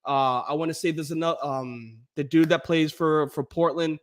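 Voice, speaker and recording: A man co-hosting a casual sports podcast with a slightly raised voice. He talks in animated, profane bursts and laughs easily as he goes. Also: a little high, moderate pace. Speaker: podcast co-host.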